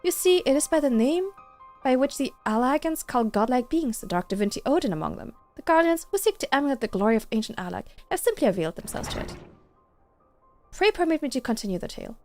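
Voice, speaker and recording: A woman's voice: high voice, sing-song, fast talker, a little mellow, soft background music. A woman reading aloud the formal lines of a mysterious male game stranger. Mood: solemn.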